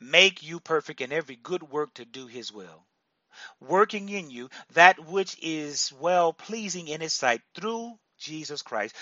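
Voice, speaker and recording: A man preaching in a slow, deliberate sermon cadence with a bright, slightly high voice. He repeats his lines for emphasis and swings between quiet stretches and sudden loud bursts. The sound is dry and a little muffled. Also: lively intonation, no room sound.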